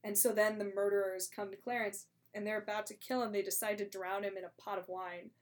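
A woman recaps a story in easygoing conversation. She is chatty and animated, and she drops into the characters' lines as she goes. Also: mid-range voice, a little fast. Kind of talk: casual chat retelling a play.

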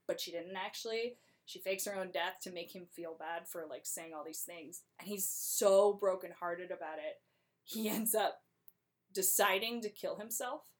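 A young woman retells a play in a loose, casual way. She is chatty and breaks into quick character voices as she goes. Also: lowish voice.

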